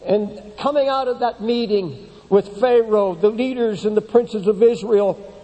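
A man preaching a sermon with passion, climbing to high emphatic peaks, then dropping low and slow, and repeating words as he builds. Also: dark tone. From United States. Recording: long hall reverb.

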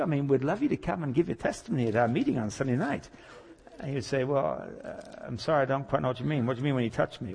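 Man, preacher, gravelly, husky, storytelling sermon, slips into character voices. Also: medium pitch, fairly quick. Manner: animated, voices characters in anecdotes.

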